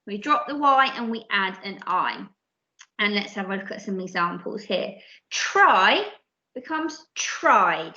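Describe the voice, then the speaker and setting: Lady teacher doing a phonics video for little kids, slow and clear, lots of praise, kinda echoey muffled recording. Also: on the high side, pushed and bright. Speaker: primary school teacher. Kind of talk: recorded phonics lesson for young children. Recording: dull lo-fi audio in an echoey room.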